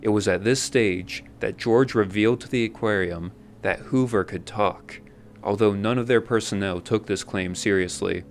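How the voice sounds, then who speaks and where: A man narrating a scripted documentary in a measured, even storytelling manner. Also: lowish voice.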